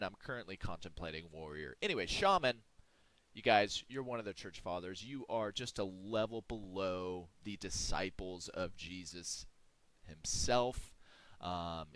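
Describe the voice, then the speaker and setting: Man, slow-talking, mock-preachy monologue, lower voice, dry close sound. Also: a bit bright, dry recording. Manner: mock-preachy, dramatic pauses, drawn-out emphasis. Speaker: video creator ranking game classes. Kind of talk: comedic monologue to camera.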